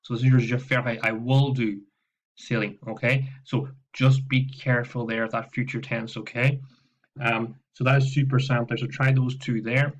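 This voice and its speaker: In a recorded classroom lesson walkthrough, a man teaches French in a steady, medium-pitched voice at a moderate pace. He explains patiently, says "okay" often, repeats himself and keeps checking in with students. A laptop microphone makes the audio slightly muffled and lo-fi.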